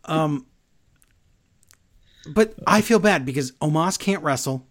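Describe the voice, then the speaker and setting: Animated sarcastic man recapping wrestling. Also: a little high, slow pace. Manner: sarcastic, animated, laughs often. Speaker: podcast co-host. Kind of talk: casual wrestling recap chat.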